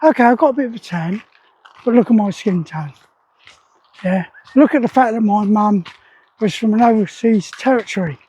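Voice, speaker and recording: A man's voice: high-pitched, normal speed, pauses often, mellow, husky, poor audio. A man talking casually to camera in a rambling, opinionated way, with lots of fillers. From England. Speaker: vlogger.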